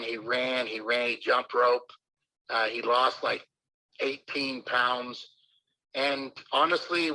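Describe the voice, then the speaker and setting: An older man, a baseball manager, telling rambling anecdotes full of fillers in a relaxed interview. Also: mid-range voice, low-quality recording.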